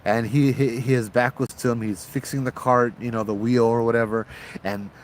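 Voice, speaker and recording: Outdoors at night, a tipsy Hawaiian man hosts and tells ghost stories in a relaxed, rambling style full of local slang. His mid-range voice moves at normal speed, with a little hiss or hum on the recording.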